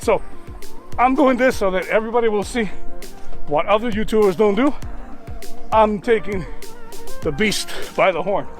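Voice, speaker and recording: A man out of breath, talking to his viewers while he climbs a steep mountain trail outdoors, huffing and full of enthusiasm. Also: high-pitched. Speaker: travel vlogger. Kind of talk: walking vlog narration.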